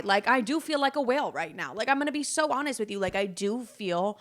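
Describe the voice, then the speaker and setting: Woman in her twenties, podcast host, bright voice, casual rambling chat, candid, swears a lot. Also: on the high side, expressive, fast talker. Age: 20s. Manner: candid, rambling, swears freely, quotes others in dialogue.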